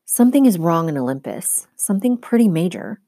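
A woman's voice: fairly low pitch, big pitch swings, fairly quick, dark tone, dry recording, clean studio sound. A woman reading as an earnest, frustrated teen girl. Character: determined teen girl, demigod camper.

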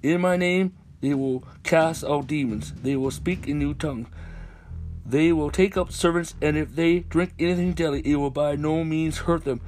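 A man's voice: fairly high pitch, moderate pace, a little mellow, faint music behind. A man preaching a sermon over a conference call, dropping in hallelujah and amen between phrases and rising into chanted repeated lines.

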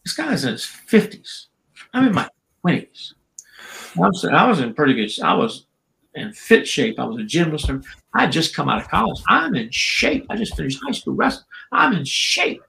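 A man's voice: on the high side, huge pitch swings, moderate pace, vocal fry, sharp tone, slight background noise, rough recording. An older man, a guest in an interview, telling stories in a chatty way, laughing often and acting out what people said. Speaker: guest, former wrestler and referee. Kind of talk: casual interview storytelling.

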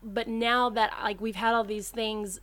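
A woman's voice: a little high, little pitch movement, measured pace, fairly bright tone. A woman hosting a casual chat, enthusiastically retelling a comic plot.

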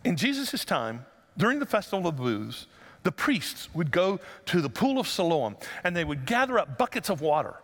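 A man preaching a sermon as pastor, conversational and joking, then rising to loud emphatic passages. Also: a little high, very animated, moderate pace, long reverb tail.

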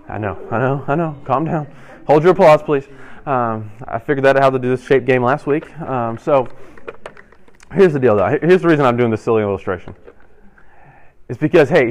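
A young man in his role as a youth pastor, giving an interactive sermon and playfully quizzing his audience with quick asides. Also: mid-range voice. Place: church hall with audience.

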